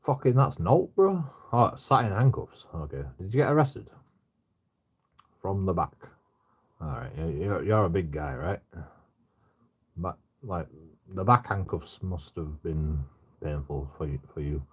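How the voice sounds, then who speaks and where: A drunk man talks casually on a live stream in a deep, low voice. His tone is husky and a little rough. He swears freely and keeps slipping into laughter. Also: animated, measured pace, pauses often. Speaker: livestreamer reading out chat.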